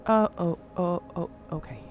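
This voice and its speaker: A woman's voice: fairly low pitch, normal speed, faint music behind. A woman streamer chatting casually with her viewers, swearing freely. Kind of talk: casual live-stream chat.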